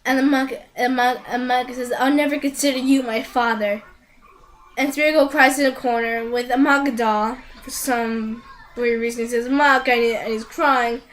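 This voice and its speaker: High-voiced woman rambling through an anime recap. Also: little pitch movement, normal speed, a bit bright, slight background noise, rough recording. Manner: rambling, full of fillers and restarts, incredulous. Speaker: vlogger reviewing an anime.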